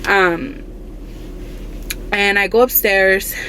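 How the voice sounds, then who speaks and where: A woman's voice: medium pitch, fairly even intonation, extremely slow, sharp tone. Young woman vlogger, casual confessional storytelling, rambling and heartfelt, with a faint hiss in the background. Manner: rambling, full of "like" and "you know"; emotional, confiding.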